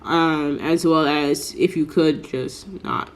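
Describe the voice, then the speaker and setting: A woman's voice: deep voice, steady tone, slow. A woman with a congested, stuffy voice, explaining a craft technique in a chatty, rambling vlog full of fillers. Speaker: small business crafter. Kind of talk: casual tutorial vlog.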